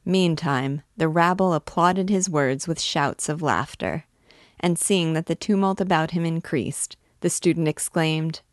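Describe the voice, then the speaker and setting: Low-voiced woman reading a novel aloud. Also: measured pace, no echo, studio quality. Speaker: book reader and guide.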